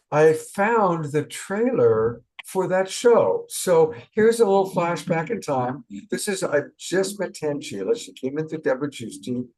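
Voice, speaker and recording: A man hosting his live-stream show, talking casually and answering in a warm, affirming way. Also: fairly high pitch, low-quality recording. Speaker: show host.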